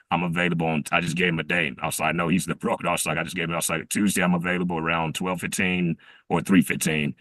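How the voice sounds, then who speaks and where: Man, very deep and monotone, bright edge to the voice, rambling call-in recap. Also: dry recording. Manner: rambling, halting with fillers and restarts. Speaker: team member sharing a reflection. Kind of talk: casual storytelling on a group call.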